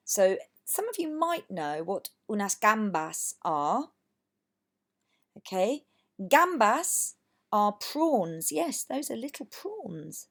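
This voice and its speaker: A woman teacher from England giving a recorded lesson, patient and encouraging, saying words for students to repeat. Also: mid-range voice. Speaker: language teacher.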